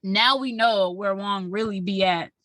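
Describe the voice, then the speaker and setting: A woman's voice: medium pitch, a little slow, dry recording. A woman co-hosting a podcast, retelling a movie in casual chat, acting out the characters' lines and swearing freely. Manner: animated storytelling with acted-out quotes and profanity. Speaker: podcast co-host.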